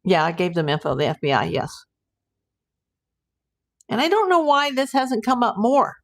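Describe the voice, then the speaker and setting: A woman's voice: fairly high pitch, animated, normal speed, vocal fry. A woman, a private investigator, hosting a casual live stream from home and chatting as she answers viewer comments aloud.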